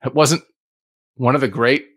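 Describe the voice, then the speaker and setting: A middle-aged man hosting a podcast, chatting casually and acting out quotes with big swings in his voice. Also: moderate pace. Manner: animated storyteller, acts out quotes with big pitch swings. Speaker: podcast host. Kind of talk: casual chat.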